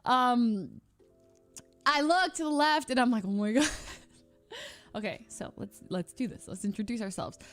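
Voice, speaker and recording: A young woman streamer telling a story in casual chat, excitable and laughing, full of fillers and restarts. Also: a little high, moderate pace, no room sound, faint music behind.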